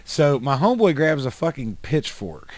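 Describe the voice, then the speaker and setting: A man from upstate New York, hosting a podcast and telling animated, profane stories in casual chat. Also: medium pitch, moderate pace. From Highland, New York. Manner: animated storyteller, swears freely. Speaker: podcast host.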